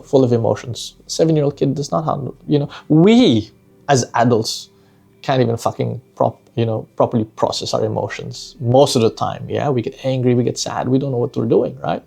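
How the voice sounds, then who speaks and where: A man's voice: mid-range voice, vocal fry, warm tone. A man, a father, telling a personal parenting story in a reflective, conversational way, often tagging his sentences with "right?" and "you know".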